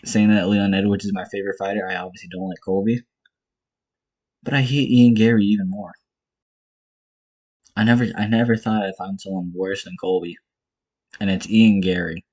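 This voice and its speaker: A man's voice: lowish voice, warm tone. A young man ranting casually and profanely about fight cards in his own vlog, blunt and exasperated, hammering points in short repeated bursts. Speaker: MMA commentator vlogger.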